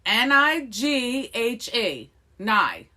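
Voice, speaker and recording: A woman hosts a casual podcast in a playful, jokey way. Her voice is bright and sits a little high. She takes her time with every phrase. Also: animated, unhurried. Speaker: podcast host.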